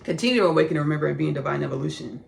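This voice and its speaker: A man's voice: a little high, very fast, creaky, a little hiss or hum. A man in his thirties from Austin with a Texan country accent, rambling effusively through a spiritual podcast monologue, calling listeners "baby" and "y'all". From Austin, Texas. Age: 30s. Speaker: podcast host.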